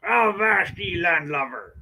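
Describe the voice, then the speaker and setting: A man's voice: sits high, lively intonation, a little slow, sharp tone, heavily acted. A man putting on the voice of a boisterous, bloodthirsty pirate captain, growling stock pirate talk. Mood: swaggering.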